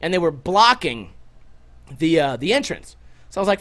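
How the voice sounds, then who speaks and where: A young man with a high-pitched voice, hosting a livestream and telling stories to his chat. He swears constantly and jumps into loud, animated outbursts when he quotes people. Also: normal speed, pauses often. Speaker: livestream host. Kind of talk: casual profane storytelling to a stream chat.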